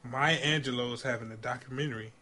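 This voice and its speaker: Brief: man podcast host, casual and enthusiastic, slangy, mid-pitched. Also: fairly even intonation, fast, sharp tone, slight background noise. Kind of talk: casual chat.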